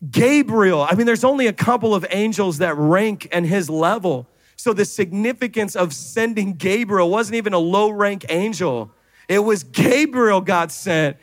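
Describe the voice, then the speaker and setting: A male pastor preaching a sermon, playful and laughing at his own jokes, swinging from hushed asides to shouting. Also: high voice, expressive, a little slow, no room sound.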